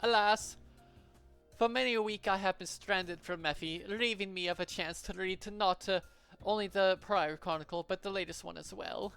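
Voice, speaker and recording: A man's voice: high voice, normal speed, creaky, fairly bright tone, clear, resonant tone, soft background music, pitched above the performer's own voice. A man voicing a theatrical, grandiose knight-errant who talks in old-fashioned phrases. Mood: mournful.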